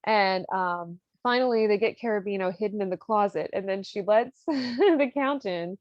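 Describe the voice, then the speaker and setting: A woman's voice: mid-range voice, moderate pace, no room sound. Woman chatting loosely, lo-fi and dry. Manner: loose and profane, peppered with "like". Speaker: podcast host. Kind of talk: casual chat retelling an opera plot.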